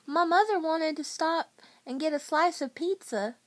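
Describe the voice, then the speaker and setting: A woman reading a storybook aloud, voicing a polite, sweet young schoolgirl with a soft Southern accent. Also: high voice, unhurried, voice pushed up. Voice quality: soft-spoken.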